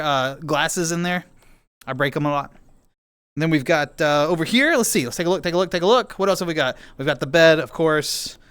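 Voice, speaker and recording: A man's voice: fairly high pitch, fairly bright tone, clean tone, no room sound. A man streaming, chatting casually and rambling playfully to his viewers while playing a game. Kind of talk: casual chat with chat.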